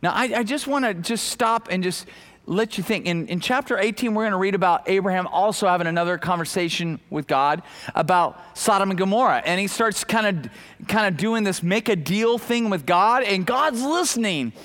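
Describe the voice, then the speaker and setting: A man preaching a sermon as pastor, animated and conversational, acting out the people in the story, with many fillers and restarts. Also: sits high, fairly quick.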